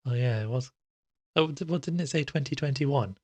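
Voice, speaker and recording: A man's voice: medium pitch, moderate pace, breathy edge, dry recording. A man casually commenting on a horror game as he plays it live, chatty and easily grossed out, often laughing. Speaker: game streamer. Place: room sitting in the dark.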